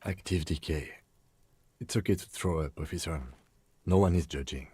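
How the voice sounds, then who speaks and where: An actor voicing a grave, dry male narrator in a video game, with a deep, low voice. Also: normal speed, darkish tone, slightly rough, no echo. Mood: wry.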